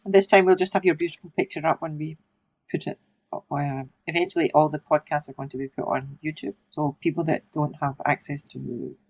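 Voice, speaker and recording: A woman hosting a podcast, her voice sitting a little low. She chats loosely and laughs easily, breaking into playful wordplay. The sound is dry and close, with no room around it. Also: fairly even intonation, a little fast, darkish tone, husky, no room sound, muffled recording. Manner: chatty, laughs often, plays with words. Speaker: podcast host. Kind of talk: casual interview chat.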